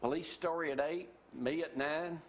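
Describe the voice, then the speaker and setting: A man's voice: fairly high pitch, steady tone, moderate pace, slight background noise. A man with a Southern US accent hosting a local morning talk show, joking with guests and reading from articles. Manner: folksy, joking, reads articles aloud.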